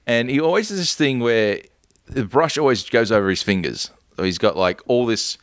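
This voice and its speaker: A man co-hosting a casual film-review chat, retelling scenes with lively storytelling and acting out the characters' lines. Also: mid-range voice, normal speed, dry recording. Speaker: podcast co-host.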